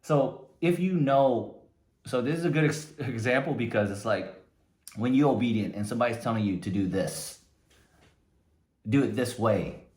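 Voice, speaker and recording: A man's voice: medium pitch, normal speed, pauses often, darkish tone. A man giving a conversational motivational talk, often tagging his points with "right?". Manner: conversational, frequent "right?" tags. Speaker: motivational speaker. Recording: echoey room.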